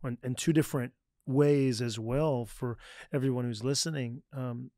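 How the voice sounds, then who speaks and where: A man's voice: medium pitch, steady tone, moderate pace, mellow, no room sound, studio quality. Man co-hosting a podcast, chiming in. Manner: supportive, chimes in with agreement. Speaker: podcast co-host. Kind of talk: casual podcast conversation.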